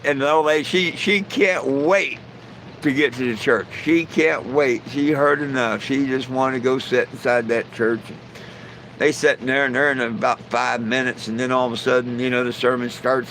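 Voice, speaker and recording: A man's voice: mid-range voice, a bit bright, a little hiss or hum, low-quality recording. Folksy rambling man telling jokes. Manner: folksy, rambling storyteller with frequent "you know". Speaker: live stream host. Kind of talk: casual joke telling.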